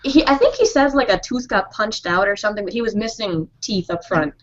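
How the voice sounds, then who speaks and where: A woman's voice: mid-range voice, lively intonation, brisk. A woman in casual group chat, blunt and bawdy in her joking. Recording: dull lo-fi audio.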